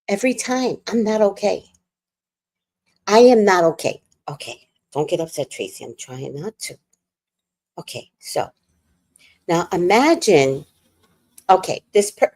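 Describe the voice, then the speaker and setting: A woman telling a storytime rant on her livestream, animated, worked up and swearing freely. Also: lowish voice. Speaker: livestream host.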